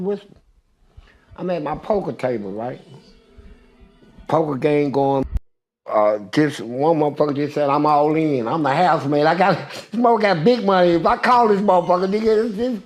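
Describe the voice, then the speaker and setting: An older man telling a long story as an interview guest, profane and animated. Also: a little high, moderate pace.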